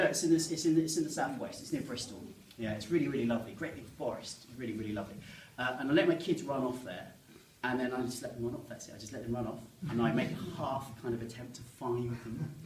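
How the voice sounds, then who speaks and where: A man's voice: medium pitch, slight background noise. A man, doing chatty, self-mocking stand-up and joking with the audience. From England, Medway Towns in Kent. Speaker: stand-up comedian. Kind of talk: stand-up comedy to a live audience. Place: live comedy room with an audience. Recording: roomy sound, mic at a distance.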